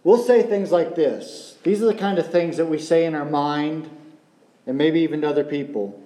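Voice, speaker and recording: A man's voice: on the high side, normal speed, mellow. A male pastor preaching a sermon, asking the congregation rhetorical questions and repeating key phrases. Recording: roomy echo.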